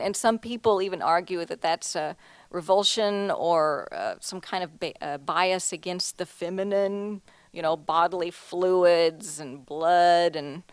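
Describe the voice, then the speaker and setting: A woman's voice: on the low side, smooth, no room sound. A woman artist giving a casual talk about her paintings, chatty and laughing often, with plenty of restarts and "you know"s. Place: museum lecture hall.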